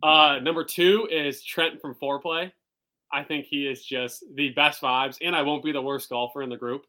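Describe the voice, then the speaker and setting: Brief: easygoing male podcast co-host, bright forward tone, a bit high, relaxed delivery. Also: normal speed. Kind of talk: casual chat.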